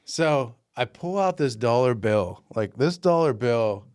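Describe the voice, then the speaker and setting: A man's voice: medium pitch, unhurried, clean tone. A man co-hosting a podcast, telling a casual story and acting out the voices of the people in it. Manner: animated, acts out voices in his stories. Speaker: podcast co-host. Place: Pennsylvania.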